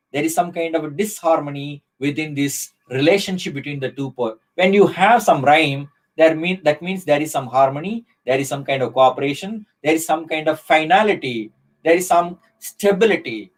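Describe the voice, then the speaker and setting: A middle-aged man with an Indian English accent gives a live online lecture in a slightly high voice, slow and deliberate, full of fillers and restarts. The recording is rough.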